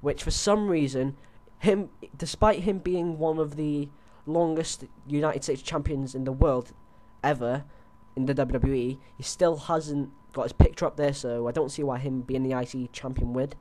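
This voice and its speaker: A man's voice: fairly high pitch, steady tone, normal speed, hardly any pauses, a little mellow. Chatty young man on a headset. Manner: rambling, chatty, many fillers and restarts. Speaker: host. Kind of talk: casual wrestling predictions chat.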